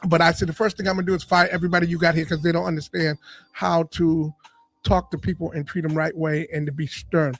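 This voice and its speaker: A man, a comedian and radio personality, telling stories from his life in an animated interview style and acting out the voices of people in them. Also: a little high, fast talker, soft background music. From Boston area. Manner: animated storyteller, acts out quoted voices. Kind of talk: storytelling interview. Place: podcast studio.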